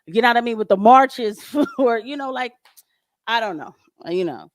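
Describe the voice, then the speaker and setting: A woman host in a casual podcast chat, speaking, animated and laughing often. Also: on the high side, normal speed, dry recording, studio quality.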